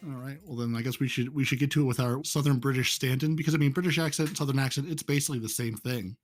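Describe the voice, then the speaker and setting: A man's voice: mid-range voice, fairly even intonation, quick pace, faint music behind. A man hosting a casual gaming podcast, joking and often repeating words as he talks. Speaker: podcast host.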